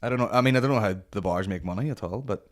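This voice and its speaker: A Northern Irish man hosting a comedy podcast, telling stories in a sweary, animated way. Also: lowish voice, racing. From Northern Ireland. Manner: sweary, animated storytelling with put-on voices. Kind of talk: casual chat.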